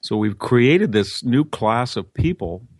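A man's voice: mid-range voice, lively intonation, takes it slowly, breathy edge, dry recording, studio quality. A man, an interview guest, giving political commentary in a conversational way with restarts and quoted asides.

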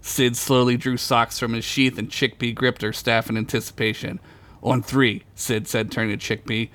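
A man's voice: mid-range voice, flat delivery, moderate pace, a bit bright. Man reading a crude comic story. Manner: laughs at his own jokes while reading. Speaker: storyteller on a comedy podcast.

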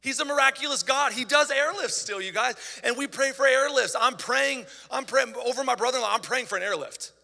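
Male pastor, chatty animated sermon style, brassy edge, reverberant church hall. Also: extremely high pitch, brisk, gravelly, few pauses. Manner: animated, conversational preaching with asides.

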